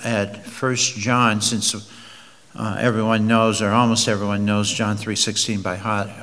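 A man's voice: on the low side, flat delivery, fairly bright tone, big-room sound. A man preaching an expository sermon, reading verses aloud and leaning hard on key words. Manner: slow, emphatic, drawn-out stresses on key words.

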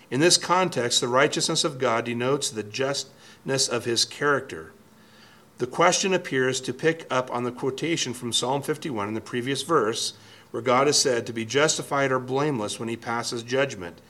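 Male Bible teacher, bright tone, thoughtful verse-by-verse delivery that reads quotes aloud. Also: medium pitch.

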